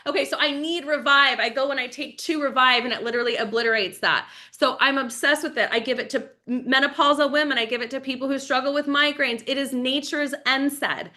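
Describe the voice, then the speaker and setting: A woman in her forties giving a fast, enthusiastic, chatty live-stream sales pitch for wellness products. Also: fairly even intonation, pushed and bright. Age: 40s.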